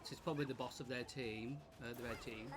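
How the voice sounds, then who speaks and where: A British woman commenting on a live game stream, excitable, often shrieking and laughing. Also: a bass voice, fairly quick, over music.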